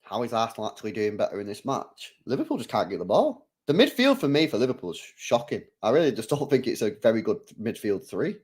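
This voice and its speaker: A man with a lowish, slightly rough voice hosts a live football watch-along at a quick pace with few pauses. He chats casually in slang, reads out chat, and reacts with excited outbursts when the play heats up.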